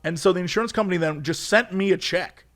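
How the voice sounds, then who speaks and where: A man with a notably high speaking voice tells a rambling comic anecdote on a podcast. His delivery is animated and chatty, full of asides and laughter. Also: quick pace. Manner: animated storytelling, acts out quotes, frequent laughter. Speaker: podcast co-host. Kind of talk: casual comedic chat.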